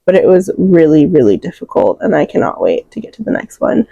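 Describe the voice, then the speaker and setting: A young woman with a low, mellow voice talks through her reading list in a loose, rambling way, full of fillers. She sounds emotional, close to tears, and the sound is dry and close. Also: very animated, fairly quick, gravelly, husky, no room sound, dull audio. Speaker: book reviewer. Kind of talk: casual book wrap-up chat.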